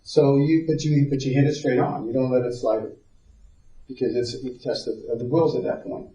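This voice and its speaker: This mellow, mid-range male voice belongs to a parenting seminar teacher who keeps a steady tone and a normal speed. He tells stories to his live audience, repeats words as he thinks, and checks in with them conversationally. Distant miking makes the audio dull and roomy.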